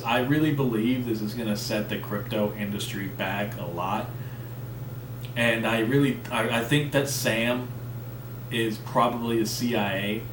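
A man with a mid-range voice hosts a podcast, rambling and swearing in a loose conversational rant delivered solo, with a slight lisp and some coughing. He sits far from the microphone, so the recording sounds roomy and off-mic with faint background noise.

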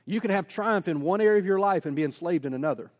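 Guy with a pretty high voice preaching, lots of "why?" questions, chatty side stories. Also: quick pace. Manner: energetic preaching, rhetorical questions, casual asides. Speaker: pastor. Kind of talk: sermon.

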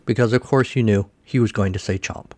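A man's voice: on the low side, a little fast, over loud music. A man hosting a podcast, recapping a cartoon special in a casual way with wry, sarcastic asides. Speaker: podcast host.

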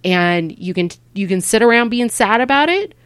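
A woman's voice: medium pitch, expressive, normal speed, clear, resonant tone, dry recording. Woman comic guest, candid and rambly, dry close sound. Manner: frank and rambling, acts out quoted voices; swears casually. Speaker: stand-up comedian, guest. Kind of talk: candid conversational interview.

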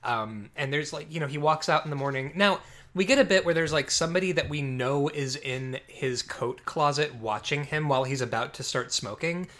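A man casually reviewing a film with a friend, animated and sarcastic, swearing often. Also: on the high side, moderate pace. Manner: animated, sarcastic, swears, puts on mobster voices. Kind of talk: casual movie review chat.

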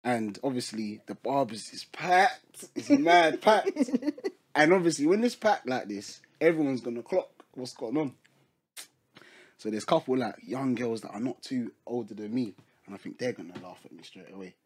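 A man's voice: mid-range voice, normal speed, husky. A young man, telling a funny story in casual chat and laughing a lot as he goes. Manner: animated, laughing storytelling in slang.

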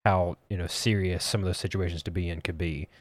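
A man co-hosting a podcast in an easygoing, casual manner, pausing and restarting often. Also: sits low, fairly even intonation, no echo. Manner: easygoing, hesitant with fillers. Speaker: podcast co-host. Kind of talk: casual chat. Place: podcast studio.

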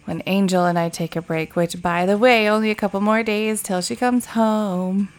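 A woman's voice: medium pitch, steady tone, moderate pace. Woman host, casual, profane, rambling podcast chatter.

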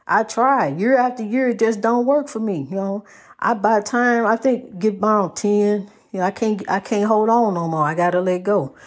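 A woman's voice: medium pitch, moderate pace. A woman giving a rhythmic, preachy monologue, repeating her phrases and calling the listener honey. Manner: lively, swings between loud and soft.

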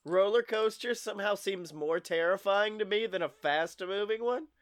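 A man hosts a podcast in loose, casual chat. His voice sits high and sounds smooth and clear. He jokes around and swears freely as he talks. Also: moderate pace. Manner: swears freely, jokey and animated. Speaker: podcast host.

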